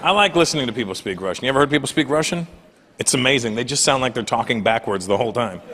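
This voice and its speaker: A man's voice: mid-range voice, expressive, rapid-fire, a little hiss or hum. A man doing standup comedy who teases the audience in a conversational way. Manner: conversational, teasing crowd work. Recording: live club with loud crowd.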